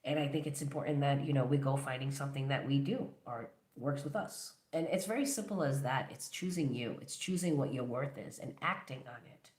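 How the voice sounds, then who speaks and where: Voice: medium pitch, fairly quick, hardly any pauses, darkish tone, echoey room. A tarot reader giving a collective reading, talking straight to the viewer in an encouraging, affirming way.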